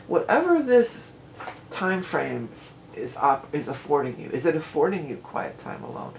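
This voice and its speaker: A woman reading tarot cards to camera in a casual, rambling way. She often restarts her sentences and reads card verses aloud slowly. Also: low voice, lively intonation, slight background noise, poor audio. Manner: chatty and rambling, with frequent restarts and "you know".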